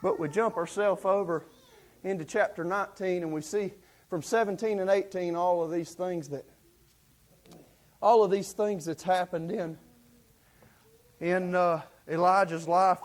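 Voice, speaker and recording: A man preaching with a high, light voice. He tells the story in a folksy, excitable way, full of fillers, and acts out the speakers' lines. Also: a little slow, pauses often. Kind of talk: sermon.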